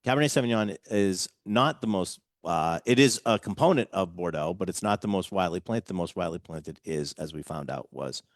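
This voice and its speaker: A man's voice: low-pitched, animated, brisk, few pauses, no echo, clean studio sound. A man hosting a casual radio talk show, chatting loosely and restarting his sentences often. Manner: chatty, rambling with many restarts.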